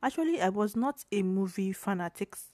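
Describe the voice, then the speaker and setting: A young woman from Nigeria hosting her own podcast, slightly hoarse, talking in a rambling, chatty way with fillers and self-corrections. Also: medium pitch, animated, normal speed, darkish tone, dry recording. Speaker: podcast host. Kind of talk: casual solo podcast talk.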